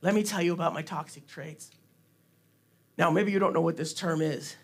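A man's voice: a little high, moderate pace. A man preaching an informal sermon in a church, casual and self-deprecating, often laughing at himself. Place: church sanctuary.

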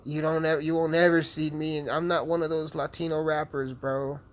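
A man's voice: on the high side, little pitch movement, a little fast. A young man hosting a podcast, rambling brashly and swearing constantly while he plays a game. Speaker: podcast host. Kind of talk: casual profane monologue while gaming.

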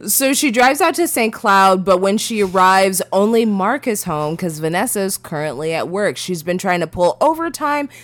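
A woman's voice: mid-range voice, expressive, normal speed, few pauses, no room sound. A woman co-hosting a podcast, recapping a film in casual chat, enthusiastic and laughing often, with frequent swearing. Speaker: podcast co-host.

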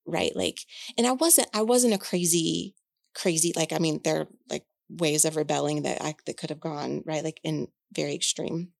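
Candid gravelly-voiced woman in her forties. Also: low-pitched, normal speed, a little mellow, dry recording, clean studio sound. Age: 40s. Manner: candid, frank, swears freely, many fillers. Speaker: podcast co-host. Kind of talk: casual chat.

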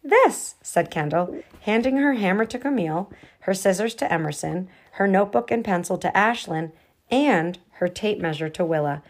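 A woman reading a children's storybook aloud to a child in a gentle, lively way. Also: medium pitch, normal speed.

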